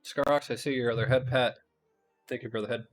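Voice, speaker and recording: A male streamer chats loosely over his gameplay at a middling pitch. He thinks aloud and restarts his sentences now and then. The delivery is relaxed and unscripted. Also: a little fast, soft background music. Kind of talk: casual gameplay commentary.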